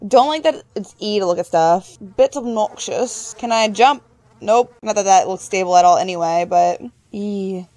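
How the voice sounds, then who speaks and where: A young woman, a gaming YouTuber, plays a horror game and comments casually, reading text aloud, joking to herself, and squealing in high-pitched surprise. She speaks at normal speed with a darkish tone. There's no room sound.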